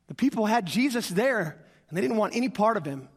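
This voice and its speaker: A man's voice: high-pitched, a little fast, breathy edge. A man preaching a sermon, telling a story with acted-out voices and calls to the congregation. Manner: animated, acts out quoted voices, asks the congregation. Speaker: pastor. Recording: long reverb of a large hall.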